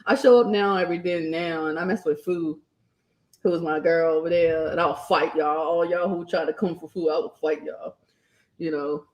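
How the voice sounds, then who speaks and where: A woman's voice: deep voice, steady tone, moderate pace, a little mellow, highs cut off. A young adult woman, chatting casually on a live stream, laughing often and raising her voice when quoting herself. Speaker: streamer and channel host.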